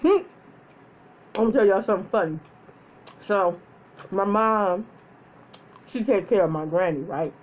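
A woman hosting a mukbang, chatting casually to viewers while she eats and telling stories animatedly, with frequent laughter and loud whoops. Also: medium pitch, a little slow, long pauses. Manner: chatty, addresses viewers directly. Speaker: mukbang host. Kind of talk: casual chat while eating.

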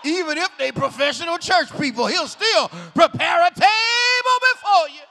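A man preaching a shouted revival sermon in a large church, hollering in a rhythmic call-and-response style. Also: extremely high pitch, lively intonation, moderate pace, a little hiss or hum. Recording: echoey hall reverb.

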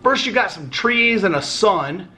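A man's voice: high-pitched, lively intonation, measured pace, bright, forceful tone. A man vlogging as he opens fan mail, chatting casually, cursing and joking and stumbling a little as he reads notes aloud. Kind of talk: casual unboxing chat.

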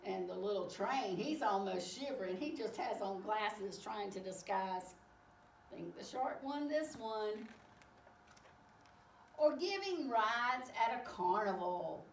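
Animated woman reading a picture book aloud. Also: mid-range voice, takes it slowly. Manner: animated and expressive. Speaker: storyteller. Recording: echoey room, distant mic, faint hiss.

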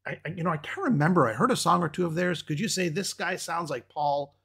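A man's voice: on the high side, quick pace, gravelly, fairly bright tone, breathy edge. A man hosting a casual podcast interview, steering the guest along with prompting questions. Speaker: podcast host.

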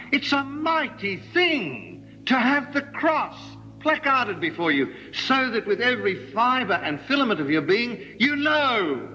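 A man preaching a sermon, animated, with ironic asides and emphatic rises. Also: sits high, lo-fi sound. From Australia.

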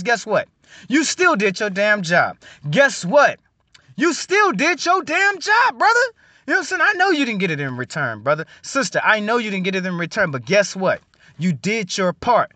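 A man giving a preachy motivational blessing talk, repeating "family" over and over and swinging between loud and soft. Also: high voice, no echo. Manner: repetitive, calls listeners "family" constantly, swings loud and soft. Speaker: online inspirational speaker.

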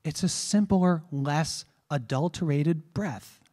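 A man's voice: a little high, slow pace, dark tone. A man teaching a trombone masterclass, explaining breathing with rhetorical questions and demonstrated vowel sounds. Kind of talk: masterclass lecture.

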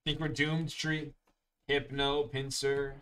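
A man's voice: fairly high pitch, level tone, slow, bright, forceful tone, clean tone. A young man hosting a live card break, chatting casually and calling out each card as he opens packs. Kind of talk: live-streamed pack opening chat.

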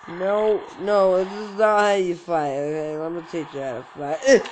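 A gaming channel host giving casual, joking let's-play commentary, with sudden loud yelps and self-mocking asides. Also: mid-range voice, level tone, moderate pace, a little hiss or hum, poor audio.

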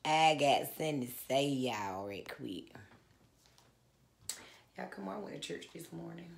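A woman singer chatting casually to her fans in an effusive, soft-spoken way, often calling out to them directly. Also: low-pitched, expressive, a little slow, vocal fry. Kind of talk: casual vlog chat. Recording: roomy echo with faint guitar behind.

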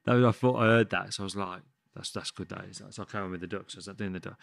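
A man's voice: on the low side, fairly even intonation, very fast, gravelly, no room sound. A man, a chef telling a story in casual chat, rambling and swearing often. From West Midlands, England. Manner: rambling, frequent swearing and restarts. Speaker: chef, podcast guest. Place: podcast studio.

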